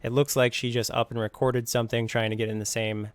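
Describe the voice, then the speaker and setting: Man, skeptical video commentary, smooth voice, dry sound. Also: medium pitch, little pitch movement, fast, no room sound. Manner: probing and skeptical.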